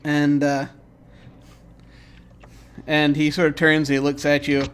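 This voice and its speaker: A man's voice: fairly high pitch, completely flat delivery, slow pace, clear, resonant tone. A man narrating as game master of a tabletop game, rambling with many fillers and laughs.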